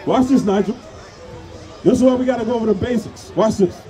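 A man street preaching outdoors at a parade. He presses passers-by with repeated questions and sometimes shouts. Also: very high-pitched, fast, long pauses. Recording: outdoor street noise, crowd and music. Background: parade crowd and music.

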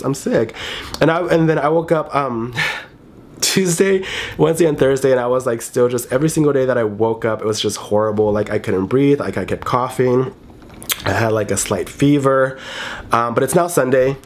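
A man's voice: mid-range voice, moderate pace. A man in his twenties, sick with a congested cold, chatting animatedly at home in a casual vlog and swearing freely. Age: 20s. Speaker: YouTuber.

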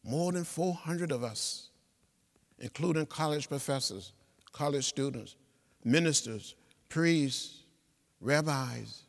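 A man, giving an inspirational speech in a rhythmic, preacher-like cadence with repeated phrases that swell to loud peaks. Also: on the high side, slow pace, gravelly, long pauses. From Alabama. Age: 70s. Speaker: guest speaker. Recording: long reverb of a big hall.

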